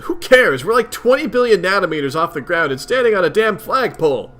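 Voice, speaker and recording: A man voicing a brash young male scientist in a mock Australian accent, loud and exaggerated. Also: sits high, very animated, fairly quick, soft background music, pitched above the performer's own voice. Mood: exasperated.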